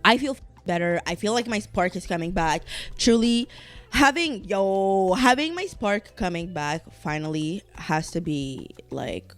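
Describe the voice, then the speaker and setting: A woman's voice: mid-range voice, unhurried, soft background music. A woman hosting her own podcast in a casual, rambling solo chat. She swears freely, trails off, restarts her sentences and speaks candidly. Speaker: podcast host.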